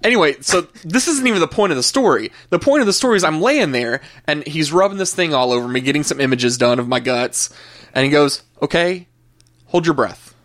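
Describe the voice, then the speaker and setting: A man in his thirties, a podcast co-host, telling a story in a casual, animated way and laughing often. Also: a little high, quick pace.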